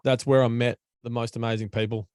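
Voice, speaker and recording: A man's voice: medium pitch, level tone, fairly quick, darkish tone, clear, resonant tone, dry recording. An Australian man hosting a casual podcast over an online call from home, chatty, blunt and matey. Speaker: podcast host.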